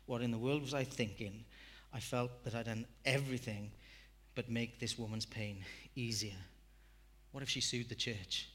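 Male pastor, mid-pitched, self-deprecating sermon storyteller. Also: a bit bright.

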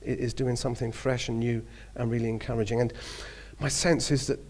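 A man's voice: medium pitch, flat delivery, a little fast, darkish tone. Cockney man preaching in chatty story mode. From southeast London. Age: 50s. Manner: chatty storytelling with hesitations and restarts. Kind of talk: sermon.

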